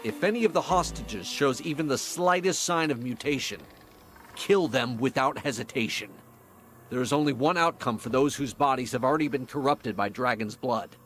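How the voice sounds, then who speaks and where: A man plays a stern fantasy-game commander who speaks in a grave, measured voice and gives orders without hesitation. His pitch sits in the middle range, and soft game music runs underneath. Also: close to an everyday voice. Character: stern male commander rescuing prisoners from dragons. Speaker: game character. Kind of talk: video game voice acting.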